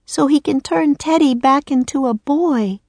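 Woman putting on a young girl voice, high and bright, earnest, pleading, storybook, dry sound. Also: a little slow, no room sound. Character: brave, kind young girl.

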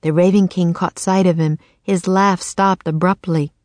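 A woman narrating a children's chapter book in a calm, measured storytelling manner. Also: fairly low pitch, dry recording. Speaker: audiobook narrator. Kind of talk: scripted narration.

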